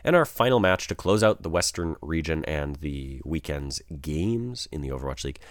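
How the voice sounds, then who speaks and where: A man with a very low, deep voice that rises and falls with lively inflection, casually running through his esports match predictions. He thinks out loud and second-guesses his own picks. The sound is dry and close, with no room echo. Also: moderate pace. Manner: conversational, thinks aloud, changes picks mid-sentence. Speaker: esports commentator.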